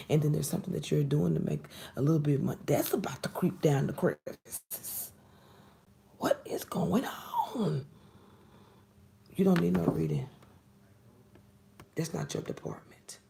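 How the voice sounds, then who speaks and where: Gravelly, blunt woman reading tarot. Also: low-pitched, animated, normal speed, warm tone. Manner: blunt, exasperated, drops into whispered asides. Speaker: tarot reader. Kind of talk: casual tarot reading to camera.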